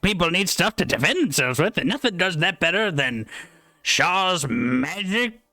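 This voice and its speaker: Brief: a man doing a cheerful roguish merchant with a pirate drawl, tabletop game character, bright tone, dry room. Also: big pitch swings, measured pace, dry recording, heavily acted. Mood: jovial. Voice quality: high, swooping pirate drawl. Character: pirate-talking male merchant, cheerful rogue.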